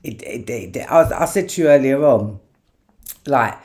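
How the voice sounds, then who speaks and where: A man talking slowly on a livestream, stammering over his words. His pitch swings widely as he gets going. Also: lively intonation, a little mellow. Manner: hesitant, stammering, laughing along. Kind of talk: casual chat.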